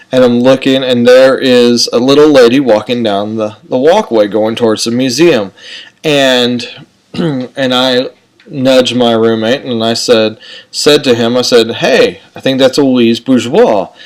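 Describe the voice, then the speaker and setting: A man telling a personal story in a loose, rambling, chatty way, full of "okay" and "and so". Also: medium pitch. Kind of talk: casual spoken anecdote.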